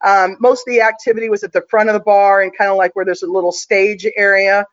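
Confident, chatty woman spinning a story as a guest, medium pitch, a little muffled. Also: flat delivery, fast talker. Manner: chatty, confident, full of fillers. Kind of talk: casual storytelling.

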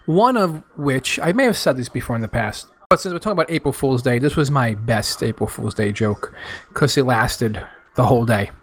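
Animated man telling a story. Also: a little fast, husky. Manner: animated storyteller, jumps up in pitch for quoted voices. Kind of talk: casual storytelling chat.

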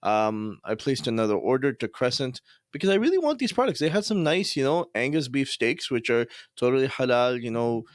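A man hosting a podcast and talking fast in a casual, frustrated rant, with Islamic phrases scattered through his speech. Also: medium pitch, very animated, dry recording, studio quality. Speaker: podcast host.

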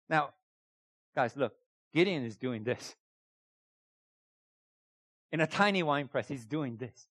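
A man's voice: medium pitch, animated, slow, pauses often, fairly bright tone, no room sound, clean studio sound. A man preaching a sermon, emphatic and repeating key phrases, often putting rhetorical questions to his listeners. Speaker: pastor.

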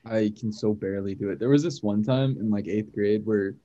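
Low-voiced teen guy rambling. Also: a little fast, dark tone, dull audio. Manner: rambling storyteller, many fillers. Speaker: podcast co-host. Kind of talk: casual chat.

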